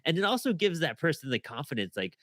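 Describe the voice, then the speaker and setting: Fast-talking man on a podcast panel. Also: a little high, very animated, fairly bright tone, no room sound. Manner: quick, eager, slips into quoted asides. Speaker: podcast interviewer. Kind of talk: casual panel discussion.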